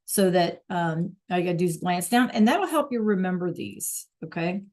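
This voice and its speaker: A woman's voice: on the low side, expressive, normal speed, a little mellow. A woman teacher talking casually to students in a live online class, chatty, with fillers. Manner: chatty, with fillers and throat-clearing. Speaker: Spanish teacher.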